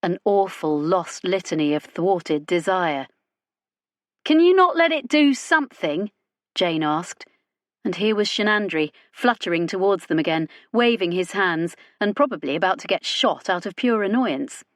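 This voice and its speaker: A woman narrating a science fiction audiobook in a wry, even storytelling manner. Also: fairly low pitch, moderate pace, no echo, clean studio sound. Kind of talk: scripted narration.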